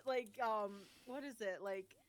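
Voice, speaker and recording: A woman's voice: mid-range voice, takes it slowly. A woman from Canada chatting casually as a guest on a stream, laughing often. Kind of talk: casual chat.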